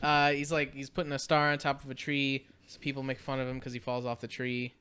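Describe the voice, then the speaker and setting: Smooth-voiced podcaster rambling through a recap. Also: mid-range voice, completely flat delivery, fairly quick, bright, forceful tone. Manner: rambling, laughs often, frequent "uh" and "like". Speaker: podcast co-host. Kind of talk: casual chat recapping a film.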